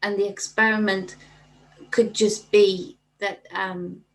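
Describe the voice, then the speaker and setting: A woman hosting a casual livestream, chatting warmly and reading viewer comments aloud. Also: medium pitch, level tone, slow pace, poor audio. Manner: chatty, reads viewer comments aloud and thanks them by name. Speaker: livestream host.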